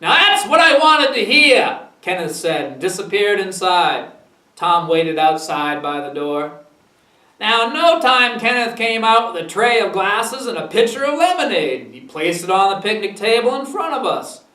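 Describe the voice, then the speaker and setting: A man's voice: high-pitched, big pitch swings, normal speed, bright, forceful tone, roomy sound, distant mic, rough recording. Man with a Maine accent reading a folksy story. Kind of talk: reading aloud a humor book.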